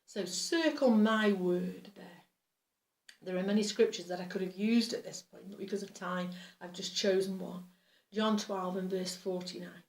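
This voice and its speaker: A woman's voice: mid-range voice, moderate pace. A woman pastor teaching a Bible study with enthusiasm, sometimes tripping over her words. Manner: enthusiastic, stumbles over words when excited. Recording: roomy, distant from the mic.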